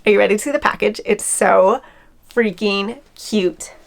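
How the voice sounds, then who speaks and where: A woman in her twenties chatting excitedly as she unboxes and reviews skincare products, gushing and thankful. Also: medium pitch, fast talker, vocal fry. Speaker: beauty vlogger.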